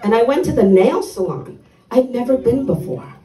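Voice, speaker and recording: An older woman doing a stand-up comedy set on a club stage, delivering blunt, dark one-liners with punchy timing. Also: fairly high pitch, sing-song, normal speed, reverberant, distant mic, rough recording.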